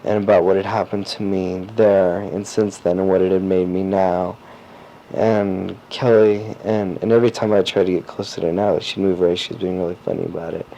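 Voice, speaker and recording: A teenage boy recording a personal audio diary, rambling and halting with lots of fillers and restarts. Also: low voice, flat delivery, creaky, warm tone. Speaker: diarist. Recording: dull lo-fi cassette tape with faint hiss.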